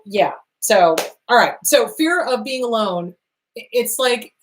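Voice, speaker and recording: A woman's voice: on the high side, fairly bright tone. A middle-aged woman therapist hosting her own show, giving blunt, upbeat advice straight to her viewers, with emphatic, cheerleading encouragement and the odd swear. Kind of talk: direct-to-camera advice talk.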